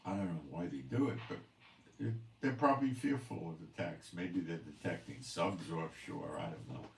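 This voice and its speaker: A man's voice: low-pitched, moderate pace, creaky, roomy sound, recorded from a distance, slight background noise. A man hosting a commentary channel, ranting emphatically with scorn and rhetorical questions. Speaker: host of a prophecy commentary channel.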